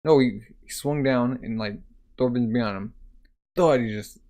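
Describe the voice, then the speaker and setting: Guy casually reading a manga out loud, mid-pitched, chatty, lots of "like"s. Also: normal speed. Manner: loose and conversational, narrating with frequent "like" and fillers. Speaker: manga reader. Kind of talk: casual manga read-aloud.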